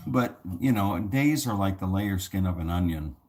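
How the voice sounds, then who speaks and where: A man with a very low voice rambles through a casual vlog monologue. He leans on fillers and restarts, wandering from thought to thought. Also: animated, moderate pace, darkish tone. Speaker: vlogger.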